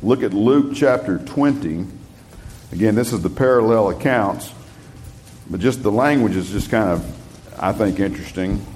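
A man preaching a Bible study sermon. He reads scripture slowly and with emphasis, then explains it in plain talk. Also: fairly low pitch, darkish tone, a little hiss or hum.

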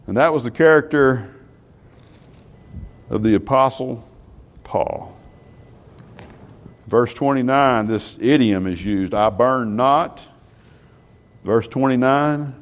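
A man preaching to a Bible class, animated and full of rhetorical questions. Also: mid-range voice, takes it slowly, long pauses.

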